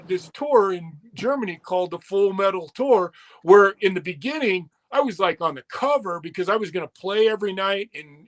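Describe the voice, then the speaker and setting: A middle-aged man in an interview, swearing often and acting out the dialogue as he tells a long story. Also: high-pitched. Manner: profane, animated retelling with quoted dialogue. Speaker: interview guest.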